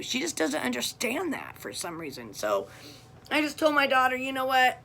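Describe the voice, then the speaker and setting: A woman's voice: high voice, wildly swooping pitch, measured pace, creaky, long pauses, bright, forceful tone. A middle-aged woman talking straight to camera about her family, blunt and heated as she vents. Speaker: vlogger. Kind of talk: casual personal monologue.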